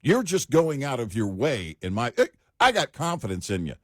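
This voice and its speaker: A male talk radio co-host whose pitch swings up and down as he gives his opinions with force. He leans hard on his points and slips in jokes. The studio sound is dry and close. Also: huge pitch swings, moderate pace, dry recording. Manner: opinionated, emphatic, joking.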